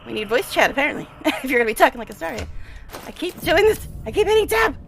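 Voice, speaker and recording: A woman's voice: high voice, very animated, fast talker, creaky, fairly bright tone, a little hiss or hum. Giggly, chatty woman streamer. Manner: chatty and giggly, with frequent laughs. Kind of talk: casual gameplay commentary.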